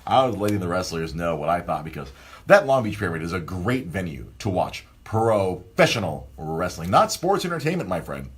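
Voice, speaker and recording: A man hosting a casual podcast, telling a rambling, animated story full of restarts. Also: sits low, normal speed, slightly rough. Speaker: podcast host.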